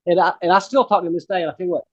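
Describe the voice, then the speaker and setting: A man's voice: high-pitched, fairly even intonation, racing, no echo, dull audio. A man in his forties hosting a casual interview, telling a rambling personal story. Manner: rambling, many fillers and restarts. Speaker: host.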